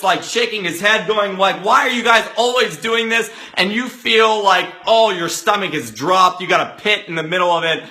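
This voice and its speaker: A man giving an energetic motivational talk, acting out the people in his story with sudden loud outbursts. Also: high voice. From Los Angeles area resident. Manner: animated, acts out quotes with loud outbursts. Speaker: motivational speaker.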